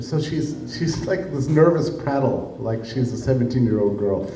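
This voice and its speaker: Animated man lecturing in an echoey room. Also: mid-range voice, moderate pace, hardly any pauses, a little hiss or hum. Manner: animated, acts out the people he quotes. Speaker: speaker giving a public talk. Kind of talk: storytelling lecture to a live audience. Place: room with an audience. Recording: echoey room, distant mic, faint ambience.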